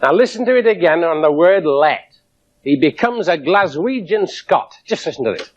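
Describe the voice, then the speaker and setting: Male science lecturer, slightly high voice, wry and demonstrative, muffled 1970s broadcast sound. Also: moderate pace. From England. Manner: lively, wry demonstrating with audience. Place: lecture theatre with audience. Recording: dull 1970s broadcast recording.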